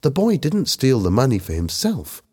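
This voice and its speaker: A man's voice: mid-range voice, wildly swooping pitch, moderate pace, a little mellow, slightly rough, voice pushed up. A man voicing Helen, an earnest, organised teenage schoolgirl, explaining things patiently in a read-aloud story.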